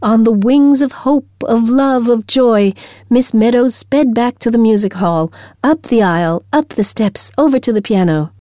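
A woman reading a story aloud in a gentle, measured storytelling manner. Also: fairly high pitch, dry recording, studio quality. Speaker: narrator.

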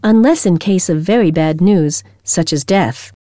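A woman reading a storybook aloud, voicing a stern, prim older headmistress who speaks in a cool, measured way. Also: fairly low pitch, warm tone, no room sound, studio quality, lightly acted. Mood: disapproving.

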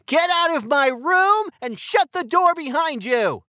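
Man doing a shouting hot-tempered schoolboy. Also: sing-song, slow, no room sound, studio quality. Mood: shouting angrily. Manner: yells in a high strained voice. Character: hot-tempered young schoolboy, loud and impatient. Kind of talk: textbook story reading.

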